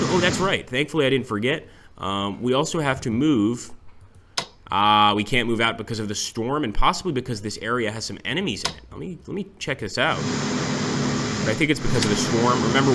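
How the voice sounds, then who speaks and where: A man casually commenting on his own strategy game as he plays, thinking aloud with frequent fillers. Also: medium pitch. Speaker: strategy game let's-play host. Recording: clear background noise and clicks.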